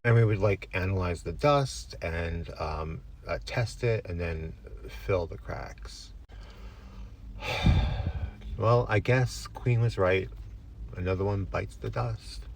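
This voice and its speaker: Deep-voiced deadpan man telling a tall tale. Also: measured pace, gravelly, slight background noise. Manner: deadpan, rambling absurd tale. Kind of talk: comic storytelling to camera.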